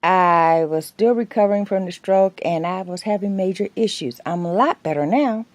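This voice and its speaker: A woman's voice: medium pitch, moderate pace, no echo. A woman vlogger chatting casually to camera, rambling through everyday anecdotes and laughing between them. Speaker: soap maker and vlogger.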